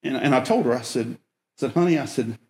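A man's voice: medium pitch, fast talker, dark tone. A man preaching through a folksy, self-mocking story, with emphatic bursts. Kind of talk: storytelling sermon. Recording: echoey room.

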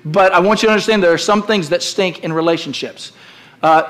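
A middle-aged pastor delivers a sermon in church, emphatic and straight to the point, urging the congregation to echo phrases back. He speaks briskly in a high-sitting, fairly bright voice.

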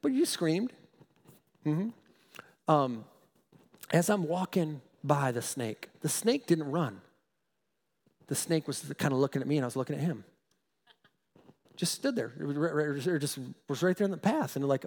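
Male pastor, high voice, animated sermon, long hall reverb. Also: moderate pace. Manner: emphatic, animated, repeats for stress.

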